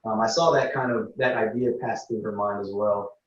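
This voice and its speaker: A man's voice: fairly low pitch, reverberant, lo-fi sound, a little hiss or hum. Man telling a story from far off. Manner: animated, halting storytelling that acts out others' lines. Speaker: interview guest. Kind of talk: casual storytelling.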